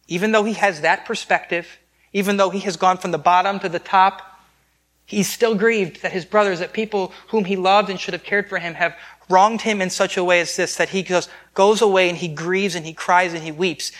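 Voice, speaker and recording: A man preaching a sermon in a conversational way, with quick restarts and joking asides. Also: sits high, steady tone, fairly bright tone. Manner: conversational, with repeated restarts and self-deprecating asides. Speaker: pastor.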